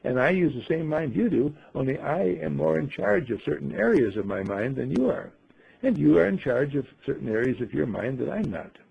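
A man voicing a wise male talking bird in a told story, speaking in a patient, gently lecturing way. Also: mid-range voice, big pitch swings, brisk, vocal fry, breathy edge, dull audio, full character voice. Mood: explaining.

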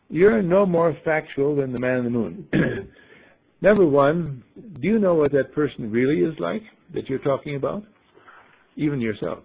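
A man giving a talk, rhetorical and playful as he tells his stories. His voice is gravelly and very husky, at an ordinary pitch. It comes through a dull, lo-fi recording. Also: expressive, moderate pace. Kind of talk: storytelling talk.

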